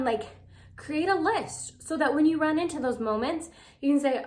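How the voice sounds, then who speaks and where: Young female vlogger with a higher voice, chatty and casual, lots of fillers. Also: lively intonation, moderate pace, a little mellow. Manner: chatty, lots of "like" fillers, acts out quoted texts. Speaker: advice vlogger. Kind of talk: casual talk to camera.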